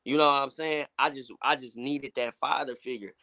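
A man's voice: mid-range voice, fairly even intonation, normal speed, pushed and bright, dry recording. A man who is a guest on an interview, speaking candidly and often saying "you know what I'm saying". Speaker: gospel hip hop artist guest. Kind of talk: casual interview chat.

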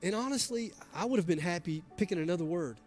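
A man's voice: sits high, expressive, fast talker, a little mellow, faint music behind. A man preaching a conversational, emphatic sermon to a church congregation, often acting out what people say. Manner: conversational, emphatic, acts out quoted voices. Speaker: pastor. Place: church sanctuary.

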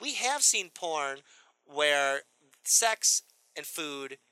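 A man hosting a podcast in casual chat, his voice high and very bright. He jokes crudely and laughs often. The sound is dry and close. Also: extremely slow, clean tone, no room sound. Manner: crude, laughing, animated storytelling.

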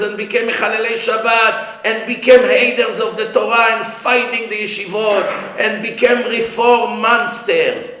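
A man's voice: sits high, bright, forceful tone, exaggerated voice. A man voicing a stern accusing God. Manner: accusing rhetorical questions, rising intensity. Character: God, stern reproachful male judge. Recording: roomy echo.

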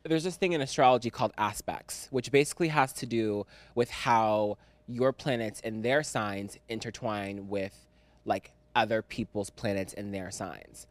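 A man's voice: on the low side, normal speed, no echo. A man hosting a podcast in casual chat, chatty and slangy, teasing his guest. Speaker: podcast host.

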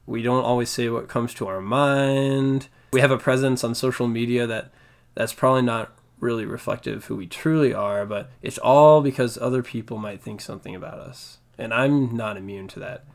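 A young man in casual conversation, speaking in a fairly monotone, quiet way and laughing often. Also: mid-range voice, normal speed, gravelly. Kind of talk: casual chat.

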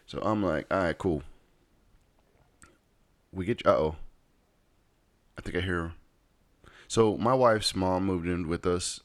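Low voiced guy rambling through a story at home, keeps saying right. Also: measured pace, long pauses, no echo. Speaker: vlogger. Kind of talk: casual storytelling chat.

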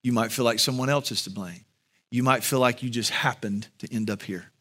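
A male pastor giving an earnest sermon and closing prayer, with slow, emphatic pauses. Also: medium pitch, pushed and bright.

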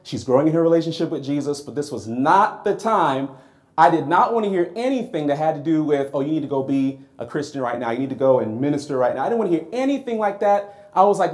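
A man preaching a sermon, telling a personal story in a lively, conversational way and acting out his own reactions. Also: a little high, fairly quick.

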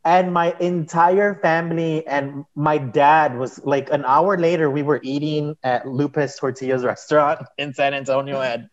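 A man's voice: a little high, fairly even intonation, unhurried, hardly any pauses. A man telling a personal story in casual conversation as an interview guest, rambling and saying "like" a lot. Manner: rambling, heavy use of "like". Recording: dull, muffled sound.

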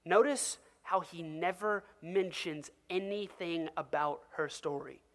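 At a slow pace, a middle-pitched pastor preaches with animated, conversational flair. He repeatedly turns to ask the congregation direct questions and acts out quoted speech along the way.

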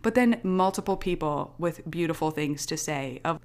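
Chatty young woman, slightly low voice. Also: moderate pace. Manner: animated, chatty, laughs often while telling. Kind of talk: casual chat, telling a personal story.

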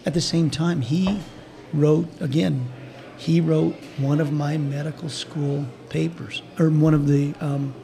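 An older man with a fairly high voice tells a story in a loose, rambling way. He restarts his sentences often and laughs lightly as he talks. His tone is casual and friendly. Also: fairly even intonation, a little slow, gravelly, dark tone. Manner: rambling, with frequent restarts and chuckles. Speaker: guest, team doctor.

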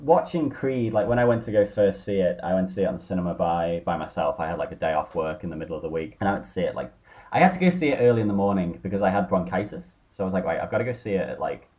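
Man, low-ish voice, enthusiastic, animated, casual film chat. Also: racing.

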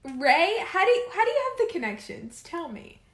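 A woman's voice: very high-pitched, sing-song, normal speed. A young adult woman co-hosting a casual chat, joking playfully as she answers quiz questions. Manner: playful, jokey. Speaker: co-host. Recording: roomy echo.

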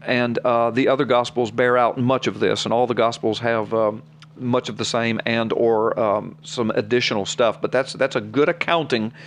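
A man's voice: mid-range voice, slight background noise. Earnest man preaching on a podcast. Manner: reads scripture aloud, then explains it plainly to a co-host; earnest, personal testimony. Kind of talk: podcast Bible teaching.

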